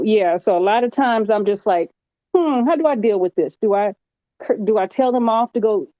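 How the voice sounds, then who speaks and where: A woman's voice: mid-range voice, mellow, no room sound, poor audio. A woman hosting a casual chat who speaks frankly and with emphasis. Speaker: host and nurse.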